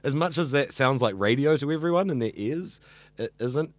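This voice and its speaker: With a mid-range voice at normal speed and no echo, a young man sounds animated as he chats earnestly in a casual interview. He's a radio student and evening radio host whose speech is full of fillers and restarts.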